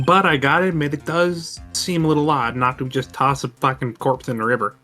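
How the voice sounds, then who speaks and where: A man's voice: medium pitch, fairly even intonation, a little fast, bright, forceful tone. Swearing Canadian man, casual, mid voice, faint music. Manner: foul-mouthed, jokey. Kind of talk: casual group reading.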